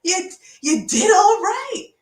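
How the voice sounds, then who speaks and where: A woman voicing a gentle, encouraging inner voice that coaxes softly and checks in kindly. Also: very high voice, very animated, slow pace, voice pushed up, heavily acted. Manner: soft, coaxing, checks in kindly. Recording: roomy echo.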